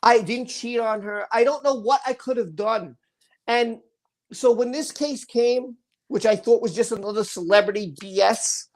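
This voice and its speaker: A man's voice: very high voice, moderate pace. A man hosting a live stream, telling a personal story in a casual way. He often repeats words and restarts his sentences, and he acts out what the other people in the story said.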